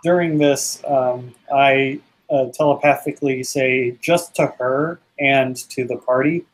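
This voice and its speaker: A man's voice: medium pitch, fairly even intonation, unhurried, rough recording. Male player at the table, casual, quizzes the game master on rules. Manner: asks pointed rules questions.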